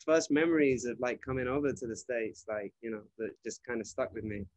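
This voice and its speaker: Chill british dude, young, rambling stories w lots of "you know", dry close sound. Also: male voice, medium pitch, a little fast, no echo. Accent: British English. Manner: relaxed, chatty storyteller, many fillers. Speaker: musician guest. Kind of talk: casual interview chat.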